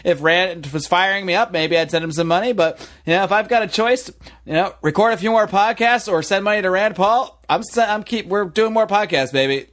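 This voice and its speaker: A man's voice: high voice, brisk, fairly bright tone. A man hosting a casual political podcast, candid and wry, poking fun at himself. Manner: candid, wry, self-mocking. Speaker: podcast host.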